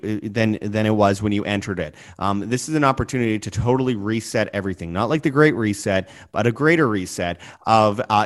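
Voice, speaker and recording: A man hosting a talk show, speaking in a forceful, preachy way and swearing at times. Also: medium pitch. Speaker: show host. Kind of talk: impassioned commentary.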